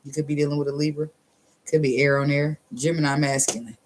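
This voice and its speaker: With a deep voice and flat delivery, this woman does a casual tarot reading against a faint hiss or hum. She's profane, sassy, and blunt, often laughing and drawling some phrases for emphasis.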